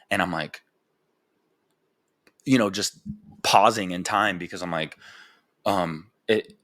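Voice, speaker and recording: A young man with a low voice talks candidly into a podcast mic. He rambles, swears freely and leans on filler words as he works through his thoughts. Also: a little slow, pauses often, pushed and bright. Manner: rambling, frank and profane, full of "like" fillers. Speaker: podcast host. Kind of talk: candid personal podcast monologue.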